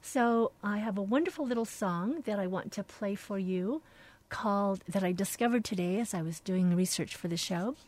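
A woman radio host reading aloud from a devotional book in a slow, reflective, soft-spoken way, dropping now and then into hushed phrases. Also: mid-range voice.

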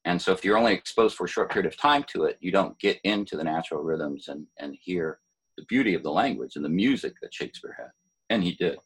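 Low husky older poet, thoughtful. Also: male voice, lively intonation, fast talker, low-quality recording. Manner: thoughtful, hesitant, many fillers and restarts. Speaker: poet, former city poet laureate. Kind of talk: relaxed interview conversation.

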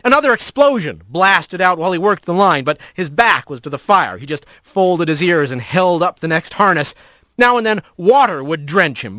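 Bright-voiced male storybook narrator. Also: fairly high pitch, no room sound. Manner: vivid, varied reading.

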